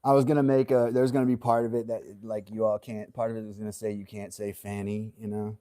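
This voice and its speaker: A man's voice: fairly low pitch, flat delivery, quick pace, dark tone. A man hosting a livestream in casual chat, joking around and laughing often as he rambles. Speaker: livestream host.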